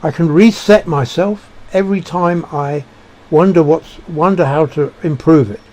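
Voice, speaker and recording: A man giving a reflective monologue, halting and searching for words with frequent restarts. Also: a little high, warm tone. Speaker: speaker sharing personal beliefs.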